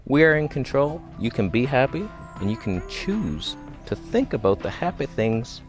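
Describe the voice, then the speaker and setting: A man of medium pitch chats to the camera outdoors, casual and joking, with wry self-mocking asides. Faint music plays underneath his voice. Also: big pitch swings, moderate pace. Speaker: vlogger. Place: outdoors, walking by a road.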